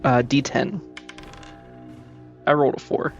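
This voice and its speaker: A man playing a tabletop game, chatting casually and thinking aloud with hesitant pauses. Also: mid-range voice, steady tone, creaky, lo-fi sound, faint music behind. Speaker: player.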